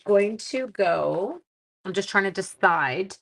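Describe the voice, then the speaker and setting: A woman's voice: fairly low pitch, slow pace, fairly bright tone. A woman hosting a casual live-stream card-making demo, chatty and self-deprecating, thinking aloud as she works and talking to her viewers. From Canada.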